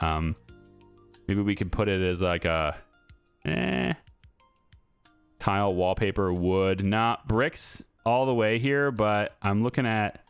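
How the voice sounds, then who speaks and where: Low-voiced man narrating gameplay. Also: clean tone, no room sound. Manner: relaxed, thinking aloud with fillers and restarts. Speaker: gaming YouTuber. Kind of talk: casual gameplay commentary.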